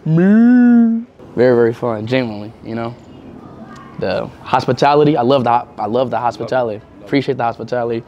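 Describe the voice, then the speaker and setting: A young man chatting excitedly as a guest in an Indian home, with loud exclamations. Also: mid-range voice, quick pace, echoey room, muffled recording, a little hiss or hum. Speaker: vlogger, guest. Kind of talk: casual vlog chat.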